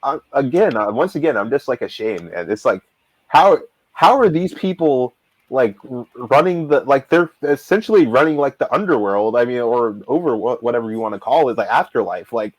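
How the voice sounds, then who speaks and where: A man's voice: mid-range voice, expressive, normal speed, no echo, poor audio. A man co-hosting a casual talk show, rambling animatedly with lots of fillers and restarts. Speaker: manga reader and show co-host. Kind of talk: casual discussion.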